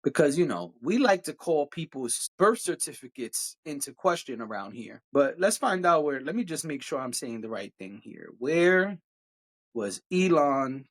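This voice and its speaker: A man's voice: on the high side, big pitch swings, moderate pace. A man hosting a solo podcast rant, sarcastic and exasperated, swearing freely and firing off rhetorical questions. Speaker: podcast host.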